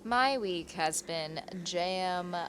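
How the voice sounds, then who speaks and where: Giggly low-voiced woman co-hosting. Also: slow, a bit bright, a little hiss or hum. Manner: giggly, swears casually. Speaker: podcast co-host. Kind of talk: casual chat.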